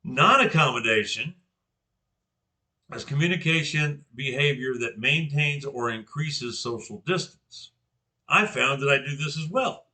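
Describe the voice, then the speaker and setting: A man's voice: mid-range voice, lively intonation, unhurried, pushed and bright. An older man from Georgia in the US giving an informal class presentation, carefully articulating his words with frequent restarts.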